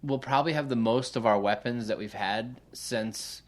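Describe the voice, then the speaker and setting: A man co-hosting a casual sports podcast. He talks with excited, profane fan energy about his team. His voice has an ordinary middle pitch. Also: normal speed. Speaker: podcast co-host.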